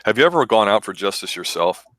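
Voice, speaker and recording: A man hosting a casual movie review podcast, telling stories with animated laughter. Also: lowish voice, fast talker, no room sound. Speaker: podcast host.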